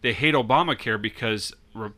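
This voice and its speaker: A man's voice: mid-range voice, normal speed, sharp tone. A man in casual political chat, speaking earnestly and emphatically, sometimes mocking the people he quotes.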